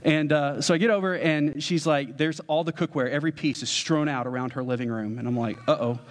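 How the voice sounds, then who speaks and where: Man, pastor, slightly high voice, lively joking story in the sermon, long hall reverb. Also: fairly quick. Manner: animated, joking, addresses the congregation.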